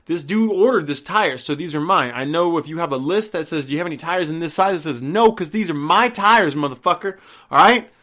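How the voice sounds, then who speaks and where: A man's voice: a little high, expressive, fast talker, hardly any pauses, fairly bright tone. Exasperated young man ranting, swearing. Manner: profane, exasperated, acts out both sides of the exchange. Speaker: vlogger. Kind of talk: casual ranting storytime.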